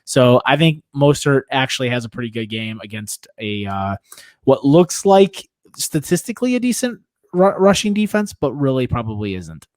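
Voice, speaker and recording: A man's voice: mid-range voice, very animated, moderate pace, no room sound. A man co-hosting a casual fantasy football show, rambling and jokingly correcting himself as he talks. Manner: rambling, self-correcting, jokey. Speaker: podcast co-host. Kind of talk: casual sports talk.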